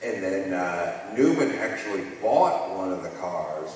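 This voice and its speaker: Man, casual stage chat, low voice, distant mic, echoey hall. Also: big pitch swings, measured pace, a little mellow, a little hiss or hum.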